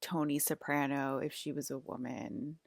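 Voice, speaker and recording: A woman's voice: very deep voice, steady tone, moderate pace, vocal fry, no echo. A young woman vlogging, telling a rambling casual story full of filler words.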